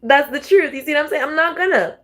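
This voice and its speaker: A woman's voice: sits high, fast talker, fairly bright tone. A young adult woman doing a casual tarot reading vlog, talking straight to her viewers, swearing freely and laughing often. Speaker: tarot reader.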